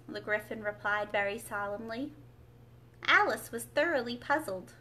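Bright-voiced woman reading aloud to families. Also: a little high, moderate pace, a little hiss or hum. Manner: clear, expressive reading to families. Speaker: children's librarian. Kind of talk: storybook read-aloud. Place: library children's room.

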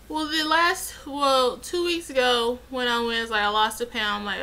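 A woman's voice: a little high, normal speed, few pauses, sharp tone, slight background noise, low-quality recording. A young woman chatting casually in a vlog, rambling and getting heated as she retells events. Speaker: vlogger.

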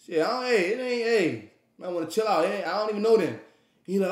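A man telling a story to a live audience, animated and profane, acting out the people in it. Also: high voice, fairly quick, echoey room. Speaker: streamer.

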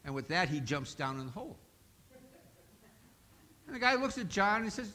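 A man's voice: sits high, very animated, moderate pace, long pauses, sharp tone. A male pastor preaching a sermon in a folksy, joking storytelling manner in a church.

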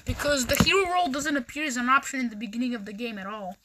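High-voiced girl gaming with friends, dramatic and shrieky, noisy mic. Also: fast talker. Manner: excitable, shrieks and laughs, dramatic complaining. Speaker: channel host. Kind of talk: casual gaming chat with friends.

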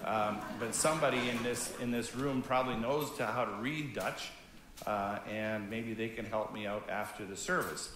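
A man in his fifties, a pastor from Canada, giving a gentle, conversational children's message during a church service. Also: on the low side, normal speed, roomy sound, background noise. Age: 50s. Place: church sanctuary.

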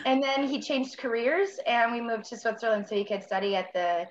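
A woman's voice: fairly high pitch, moderate pace, lo-fi sound, a little hiss or hum. A woman from the American South, raised speaking both French and English, chatting casually as an actress guest and laughing often as she trails off with fillers. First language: French and English bilingual. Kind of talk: casual chat.

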